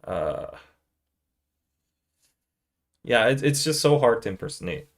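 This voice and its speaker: A man's voice: medium pitch, big pitch swings, slow pace. A man hosting a podcast, chatting in a loose, rambling way and now and then slipping into playful impressions. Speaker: podcast host. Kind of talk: casual live-stream chat.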